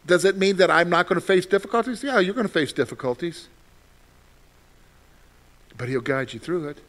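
A male pastor with a high-pitched voice preaches a sermon at a moderate pace. He's animated, swinging between loud outbursts and soft, gentle lines.

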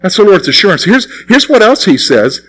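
A man's voice: sits high, very animated, a little fast, poor audio. A man preaching a radio sermon in a conversational way, putting questions to his congregation. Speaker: pastor. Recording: recorded sermon broadcast on radio.

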